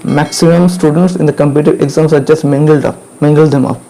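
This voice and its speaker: A man gives a grammar lesson in a mellow, somewhat higher voice. He repeats each rule several times and keeps checking that students follow, while insects chirp faintly behind him. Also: steady tone, fast talker, gravelly, low-quality recording. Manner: repetitive, drills points again and again with checking questions. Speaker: English grammar teacher.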